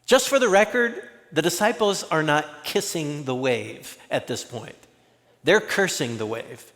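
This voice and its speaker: A man's voice: fairly high pitch, expressive, unhurried, a bit bright, in a large hall. A man preaching a conversational sermon as a pastor, acting out the voices he quotes.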